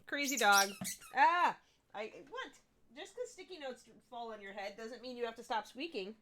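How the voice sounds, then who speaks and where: Young woman host, casual and chatty, a bit tired, with an animated, lively delivery. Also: a little high, moderate pace. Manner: chatty, laughing, talks to her dog between remarks. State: sleepy after a broken night. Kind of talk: casual livestream chat while painting miniatures.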